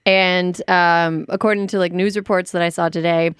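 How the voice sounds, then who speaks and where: A woman's voice: lowish voice, fairly even intonation, normal speed, clean tone, dry recording, studio quality. A woman co-hosting a radio show, talking casually with many ums and likes. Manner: hesitant, lots of fillers. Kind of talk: casual chat. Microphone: studio mic.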